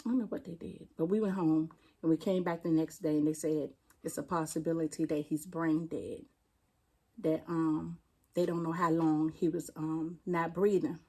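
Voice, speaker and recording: Mellow-voiced D.C. woman recounting her loss. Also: deep voice, fairly even intonation. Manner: plainspoken, halting, retelling a painful loss. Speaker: interview guest, firefighter. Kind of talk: personal storytelling in an interview.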